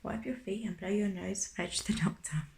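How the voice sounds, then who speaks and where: A cheeky, scolding parrot read by a woman in whispered role-play, chanting its little phrases severely. The voice sits at a middling pitch and rings in a roomy space. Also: moderate pace, vocal fry, a little mellow, slight background noise. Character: rude squawking pet parrot, female. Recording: roomy echo.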